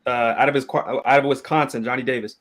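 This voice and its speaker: A man in a casual video-call chat about basketball, blunt and brisk, swearing in passing. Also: medium pitch, steady tone, a bit bright. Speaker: sports blogger.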